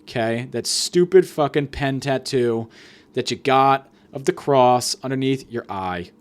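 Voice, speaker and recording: A man hosting a comic solo podcast rant, profane and sarcastic, swinging between loud mock-angry jabs and muttered asides. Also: mid-range voice, measured pace, smooth. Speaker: podcast host.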